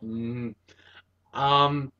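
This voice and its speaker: Slow-talking, excitable man reviewing a cartoon. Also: medium pitch, muffled recording. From Wisconsin. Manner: excitable, gushing, breaks into laughter. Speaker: show host reviewing a cartoon episode. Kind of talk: casual review chat.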